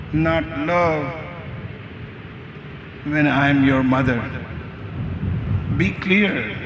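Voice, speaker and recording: Guy doing mother nature, soft and solemn, slow, noisy live stage sound. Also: on the high side, reverberant. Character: Mother Nature, gentle all-loving female spirit. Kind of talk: stage monologue.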